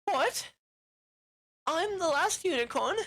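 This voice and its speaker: A man voicing a naive, earnest young female unicorn in a plaintive, high-pitched voice. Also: huge pitch swings, a little fast, sharp tone, exaggerated voice.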